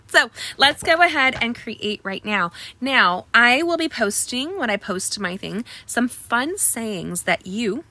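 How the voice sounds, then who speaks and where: Chatty bright-voiced craft host woman. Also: animated, takes it slowly, few pauses, a little hiss or hum. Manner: chatty and rambling, many ums; upbeat sales pitch to viewers. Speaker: card making tutorial host. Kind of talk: casual live craft tutorial.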